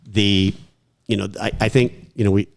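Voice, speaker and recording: A man in a podcast interview, telling animated anecdotes with laughs and quoted voices. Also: lowish voice, normal speed, vocal fry. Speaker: podcast guest. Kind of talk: casual storytelling.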